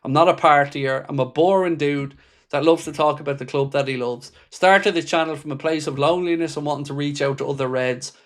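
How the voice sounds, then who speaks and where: Male stream host, fairly high-pitched, blunt and impassioned, swears freely while answering viewer comments. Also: brisk. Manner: reads viewer comments aloud and answers them. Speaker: football fan channel host. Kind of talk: livestream reaction chat.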